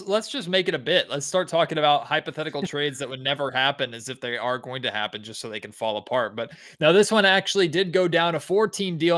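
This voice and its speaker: A man's voice: fairly high pitch, a bit bright. A man hosting a sports podcast, introducing his guest in a chatty way with frequent filler words. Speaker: podcast host.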